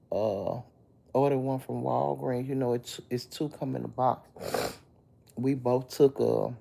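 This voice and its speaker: Sick lady in bed on a phone live stream, super gravelly dark voice, calls everybody baby and y'all. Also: a bass voice. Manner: greets viewers by name, calls them baby and y'all. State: sick with a chest cold and cough. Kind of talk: casual live-stream chat. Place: lying in bed at home.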